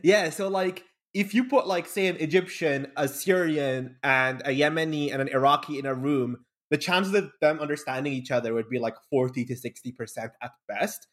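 A man's voice: a little high, normal speed, hardly any pauses, fairly bright tone. Rambling young man from Bahrain. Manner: rambling, many fillers and restarts. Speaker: podcast guest. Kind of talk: casual conversation.

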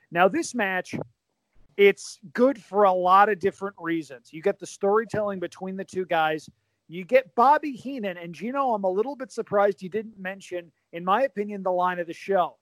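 A man's voice: high-pitched, dry recording. A man in casual conversation, telling stories enthusiastically and at length. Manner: enthusiastic, talkative storyteller. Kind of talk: casual chat.

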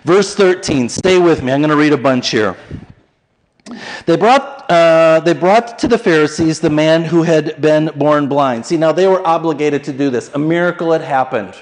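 Lively man preaching a sermon. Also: on the high side, normal speed, poor audio. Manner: animated, conversational, acts out the quoted voices. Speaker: pastor.

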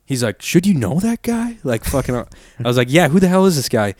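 A man's voice: fairly high pitch, big pitch swings, a little fast, darkish tone, no room sound, studio quality. A young man telling a long story in a rambling, profane way, full of "like" and acted-out quotes. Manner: rambling, profane, heavy use of "like", acts out quotes. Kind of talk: casual storytelling chat.

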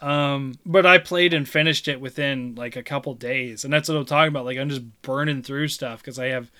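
A man chatting casually about a video game he played, rambling and laughing loudly. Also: medium pitch, steady tone, fairly quick. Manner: mimics game voices in retelling. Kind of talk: casual chat.

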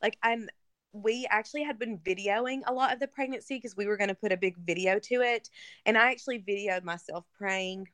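A woman's voice: mid-range voice, a little fast, a bit bright, no room sound, clean studio sound. A woman guest in a conversation, telling an emotional personal story in a casual way with many fillers. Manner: casual, filler-heavy, earnest. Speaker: interview guest. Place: lives in Kentucky.

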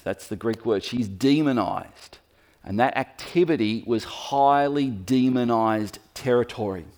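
A man preaching a sermon in a lively storytelling manner, speaking to the room as he points at a map. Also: mid-range voice, measured pace. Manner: lively storytelling, acts out quoted voices.

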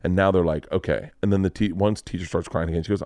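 A man hosting a podcast, telling a story in a casual, animated way, acting out the people he quotes and swearing freely. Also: low-pitched, quick pace, no room sound, clean studio sound. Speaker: podcast host.

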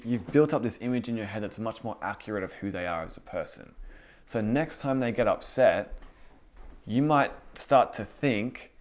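A young man with a fairly low voice teaches in a relaxed, conversational way, like a youth pastor talking to his group. He fills his talk with "like" and often repeats words as he goes. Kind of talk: casual spoken teaching.

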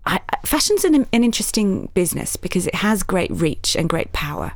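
A woman author with a somewhat low voice speaks in a conversational interview. She is earnest and lively and tosses in self-mocking asides. The recording is close and dry, with no room sound. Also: fairly quick, no room sound. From Yorkshire, England. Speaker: author and journalist, interview guest.

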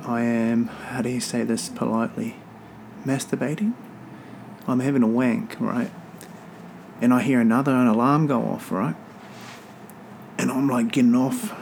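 A man's voice: medium pitch, steady tone, moderate pace, vocal fry, pauses often, a little mellow, slight background noise. A man hosting a rugby podcast from home, talking in a rambling, offhand and profane way. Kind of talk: casual solo podcast chat. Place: home near an airport.

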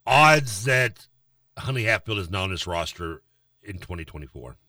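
Animated ranting co-host, bright voice. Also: male voice, lowish voice, moderate pace, no room sound, clean studio sound, distant mic. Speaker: sports radio co-host. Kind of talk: casual sports talk.

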